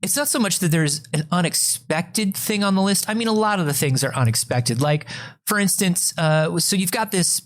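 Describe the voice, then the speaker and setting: Statistics get read out in a rambling, filler-heavy way, with many restarts, by a man co-hosting a comedy podcast. His voice sits high and sounds animated, at a normal speed, and the chat is relaxed and funny.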